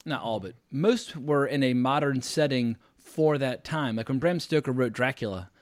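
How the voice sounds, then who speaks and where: A man's voice: medium pitch, moderate pace, dry recording, clean studio sound. A man hosting a podcast, talking in a chatty, enthusiastic way with loose fillers. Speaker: podcast host. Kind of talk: casual podcast conversation.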